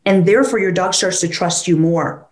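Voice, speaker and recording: A woman and dog trainer talking casually, lively, who keeps acting out what a dog or its owner would say. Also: on the low side, moderate pace. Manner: animated, acts out dog and owner voices. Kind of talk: conversational podcast talk.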